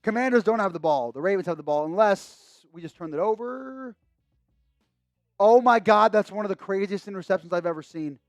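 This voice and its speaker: High-voiced man hosting a live sports stream. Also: a little fast, no echo, soft background music. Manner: excitable, shouts and cheers at big moments. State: losing his voice. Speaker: sports livestream host. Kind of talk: live game commentary and chat. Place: home streaming setup with a monitor.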